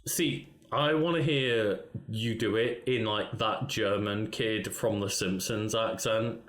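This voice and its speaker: Relaxed man hosting a podcast in an echoey room. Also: fairly low pitch, slow. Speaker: podcast host. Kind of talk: casual chat.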